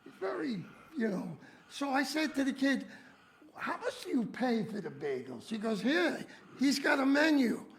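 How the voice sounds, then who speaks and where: A man, a former school principal, telling school stories in casual chat, getting loud and indignant. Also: extremely high pitch, very animated, normal speed, slight background noise.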